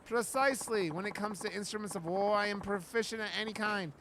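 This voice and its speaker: A man's voice: high voice, brisk, a bit bright, a little hiss or hum, low-quality recording. A man voicing a pompous, haughty male self-styled nobleman in his thirties who talks in flowery insults while reading a game aloud.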